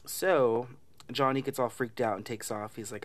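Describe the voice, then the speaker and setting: A man's voice: medium pitch, steady tone, moderate pace. A man casually retelling a movie plot, chatty and laughing often, swearing and mimicking lines from the film. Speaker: movie recap vlogger.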